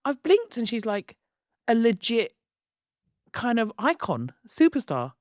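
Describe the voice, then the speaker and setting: A woman co-hosting a podcast, chatting in a gushing, animated way. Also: on the high side, measured pace, no echo, clean studio sound. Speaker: podcast co-host. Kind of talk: casual chat.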